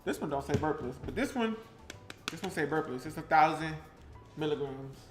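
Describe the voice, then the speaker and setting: A man's voice: fairly high pitch, expressive, normal speed, music in the background. A man from New Jersey, a vlogger, chatting casually and rambling while he bakes at home. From Pleasantville, New Jersey. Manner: chatty, rambling, breaks into song snippets. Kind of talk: casual live-stream chat while baking. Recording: roomy echo.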